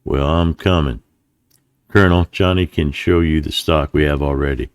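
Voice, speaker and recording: Middle-aged ranch owner, calm courteous manner, deep dry voice, as a man reads him. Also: normal speed, no echo.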